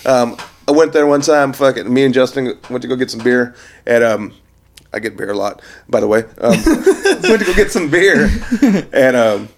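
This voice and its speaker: A man's voice: medium pitch, lively intonation, normal speed. A man telling profane, laughing stories in a casual chat among friends.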